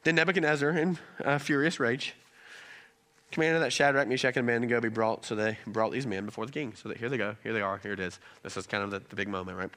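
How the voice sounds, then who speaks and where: A man's voice: mid-range voice, fairly even intonation, fast talker, sharp tone. A man preaching a sermon in a loose, joking, conversational way, often checking in with his listeners. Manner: joking, conversational, keeps asking "right?". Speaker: pastor. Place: church in Rome, Georgia.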